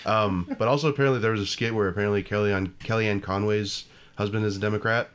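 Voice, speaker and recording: A man chatting on a podcast, rambling and breaking off mid-sentence, quick with jokes. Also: fairly low pitch, steady tone, a bit bright, smooth. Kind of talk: casual chat.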